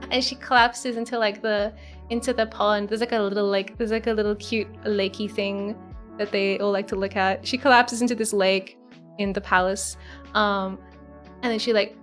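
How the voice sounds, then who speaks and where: A young woman streamer chatting casually and rambling through a story, with lots of fillers and giggles. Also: medium pitch. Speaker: virtual streamer. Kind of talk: casual live-stream chat. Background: soft background music.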